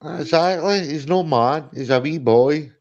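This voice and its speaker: A man's voice: fairly high pitch, measured pace, dull audio, a crowd in the background. A man on a livestream call, throwing in short, blunt remarks. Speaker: caller on a livestream. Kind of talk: casual group call chat.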